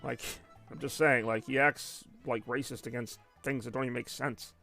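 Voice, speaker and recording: A man's voice: medium pitch, fairly even intonation, normal speed, creaky, pushed and bright, faint music behind. A young man chatting casually and rambling while he plays a video game on a live stream. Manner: rambling, conversational, many fillers.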